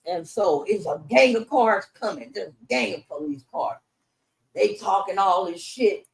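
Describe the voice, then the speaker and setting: Animated and a little slow, with a mid-range voice and vocal fry, a middle-aged woman from Los Angeles relates her life story as an interview guest. She curses freely and acts out other people's voices, and the recording quality is low.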